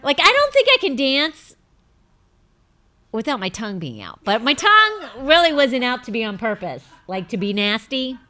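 A middle-aged woman hosting a show, telling rambling, self-mocking stories in a bubbly, casual chat and breaking into high laughing fits. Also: huge pitch swings, normal speed, bright, forceful tone. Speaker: host.

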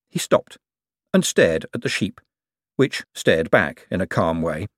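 A man narrating an audiobook in an expressive, comic reading style. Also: low voice, a little slow, no room sound, clean studio sound. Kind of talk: scripted narration.

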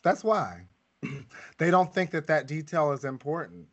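A man co-hosting a casual podcast review of a musical, candid and animated, with frequent fillers and laughter. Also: a little high, a little slow, highs cut off. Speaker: podcast co-host. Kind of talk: casual theater review chat.

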